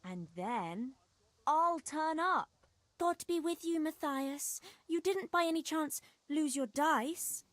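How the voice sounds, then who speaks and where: An actress voicing a lovesick young village girl in a video game, talking slowly and wistfully. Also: sits high, lively intonation, fairly bright tone, dry recording, heavily acted. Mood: dreamy. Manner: slow, wistful storytelling.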